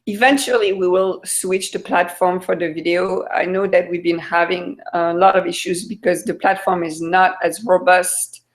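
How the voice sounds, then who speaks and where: A woman's voice: lowish voice, steady tone, normal speed, few pauses. A woman from France with a French accent, hosting a casual video-call chat in a chatty, questioning way, often restarting her sentences. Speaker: host.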